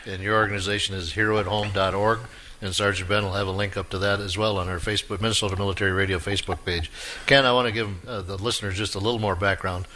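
Bright-voiced radio host, faint hiss. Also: male voice, on the low side, steady tone, fast talker. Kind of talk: radio interview.

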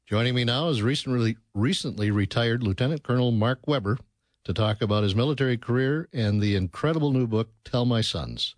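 A man's voice: medium pitch, lively intonation, fairly quick, no echo. A man interviewing a guest on the radio, friendly and joking.

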